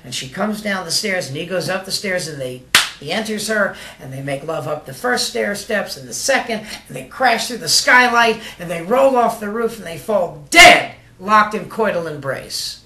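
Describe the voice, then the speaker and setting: Bright-voiced joke teller in an echoey room. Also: mid-range voice, lively intonation, normal speed, a little hiss or hum. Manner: shaggy-dog pacing with fillers and asides. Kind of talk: casual joke telling.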